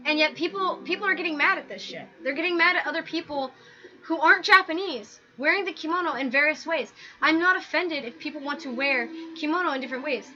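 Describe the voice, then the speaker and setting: High-voiced woman ranting over music. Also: quick pace. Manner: animated, exasperated ranting with frequent "like". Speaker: video host. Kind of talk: casual commentary over images. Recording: dull lo-fi sound with background music.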